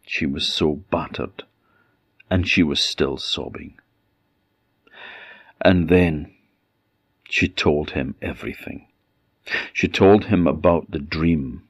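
Male folk-tale narrator, slow and solemn, dry close sound. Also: very deep voice, breathy edge, no echo. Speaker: storyteller.

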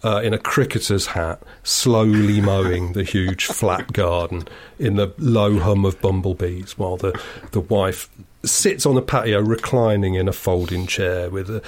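A man's voice: low voice, fairly even intonation, unhurried, a little hiss or hum. Sardonic man telling digressive stories. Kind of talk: casual chat.

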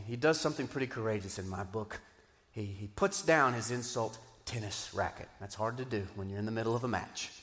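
A man, a pastor, preaching a sermon in a lively, animated way, moving between loud, emphatic bursts and quiet asides. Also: lowish voice. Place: church auditorium. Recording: long hall reverb.

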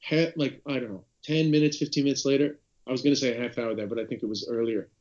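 Irish male podcast co-host, lively anecdotal storyteller, mid pitch, slightly muffled call sound. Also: fast talker. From Ireland. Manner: animated storyteller, frequent restarts. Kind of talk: casual chat over a call. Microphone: video call.

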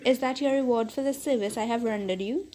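A woman's voice: a little high, fairly quick, dark tone, lightly acted. A woman voicing a poor, frightened old fisherman who pleads for his life in a storybook reading. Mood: pleading.

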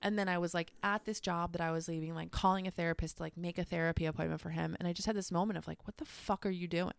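A woman's voice: lowish voice, racing, gravelly, smooth, dry recording, studio quality. A young woman telling a personal story in casual chat, candid and full of swearing. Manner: candid, profane, animated storytelling. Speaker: guest.

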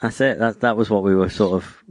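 A man's voice: fairly low pitch, fairly even intonation, brisk, darkish tone, dry recording. A man co-hosting a podcast, dropping wry, dry remarks in casual chat. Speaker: podcast co-host. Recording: dry close mic.

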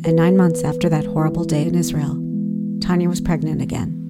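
A woman narrating a podcast story in a measured, scripted way. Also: sits low, flat delivery. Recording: loud guitar music beneath.

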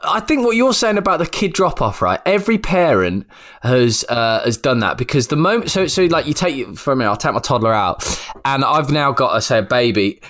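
A man in his thirties chatting casually as a podcast co-host, telling lively stories and acting out the quotes. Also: mid-range voice, a little fast. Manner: animated storyteller who acts out quotes. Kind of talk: casual chat.

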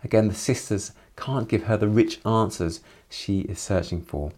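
A man with a slightly low voice talks through a novel's chapters. He moves between plain summary and thoughtful commentary, adding his own reactions along the way. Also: normal speed, a little mellow. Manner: reflective, with personal asides. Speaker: literature commentator.

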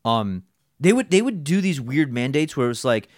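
Animated man telling a workplace story. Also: mid-range voice, normal speed, no echo, studio quality. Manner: animated storyteller, swears, acts out other people's voices. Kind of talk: casual storytelling chat.

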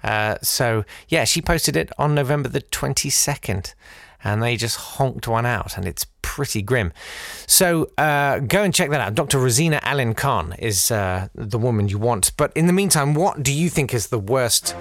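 A man hosting a casual solo podcast, wry and rambling, with big swings in pitch. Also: expressive, moderate pace, gravelly, fairly bright tone, faint music behind. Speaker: podcast host.

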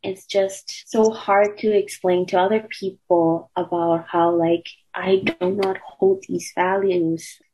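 A woman's voice: medium pitch, level tone, slow pace, hardly any pauses, background noise. A young woman from Myanmar, a student activist, speaking earnestly and with feeling as an interview guest, with frequent fillers. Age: young adult. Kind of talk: emotional interview conversation.

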